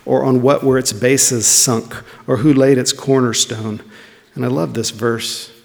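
A man's voice: medium pitch, steady tone, unhurried, vocal fry, darkish tone. A man preaching a sermon in a conversational way, putting questions to his listeners. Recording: long reverb of a large hall.

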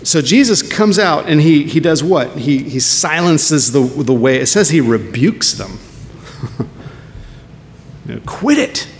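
A man's voice: expressive, measured pace. A man preaching a sermon as pastor, earnest and full of rhetorical questions. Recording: long hall reverb with faint rumble.

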